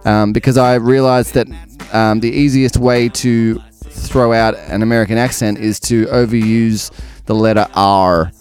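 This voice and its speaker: A man's voice: lowish voice, steady tone, a little slow, darkish tone. A man hosting a podcast, chatting casually with jokes, asides and lots of ums. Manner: jokey, rambling, full of ums and asides. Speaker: podcast host. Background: faint music, stopping near the end.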